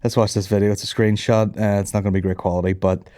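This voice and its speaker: A man's voice: fairly low pitch, flat delivery, warm tone. Sweary man, rambling. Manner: sweary, rambling, quick to laugh. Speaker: podcast host. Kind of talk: casual comedy chat.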